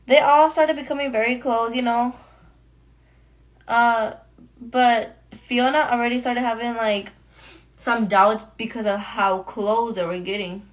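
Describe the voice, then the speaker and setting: A woman's voice: on the high side, flat delivery, a little slow. Chatty young woman telling a storytime. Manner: chatty, slangy, addresses viewers as friends. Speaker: beauty vlogger. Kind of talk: get-ready-with-me storytime chat.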